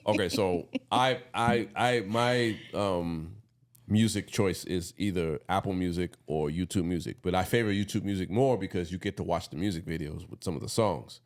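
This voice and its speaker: A man co-hosting a casual podcast, laid-back and animated, laughing often as he tells stories. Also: low-pitched, moderate pace. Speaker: podcast co-host. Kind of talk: casual chat.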